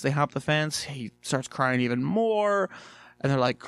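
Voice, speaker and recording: A man casually reviewing a cartoon episode, chatty and animated, swearing freely and filling gaps with "like" and "um". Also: medium pitch, a little slow, clean tone, dry recording. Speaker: video reviewer.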